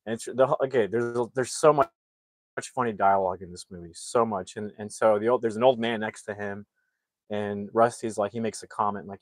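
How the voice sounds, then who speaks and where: A man's voice: on the low side, steady tone, a little fast, no echo. A man recapping a movie plot in a loose, rambling way and acting out the characters' lines as he goes. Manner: rambling, acts out character lines while retelling. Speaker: movie reviewer. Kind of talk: casual live-streamed movie recap.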